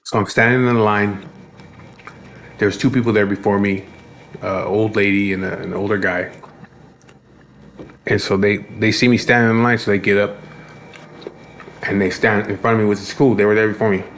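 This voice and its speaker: Low-voiced man telling a profane story. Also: fairly even intonation, moderate pace, long pauses, fairly bright tone, a little hiss or hum. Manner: profane, rambling, frequent restarts. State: tired and fed up. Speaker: vlogger. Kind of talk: casual storytelling.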